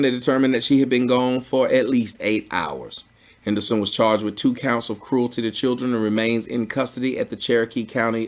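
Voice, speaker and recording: A man hosting a commentary video, ranting in a blunt, profane, mocking way that swings from low grumbling to loud exclamations. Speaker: commentary channel host.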